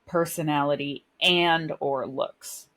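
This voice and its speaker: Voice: medium pitch, fairly even intonation, slow, fairly bright tone. A podcast co-host in casual chat, rambling and self-mocking, laughing often.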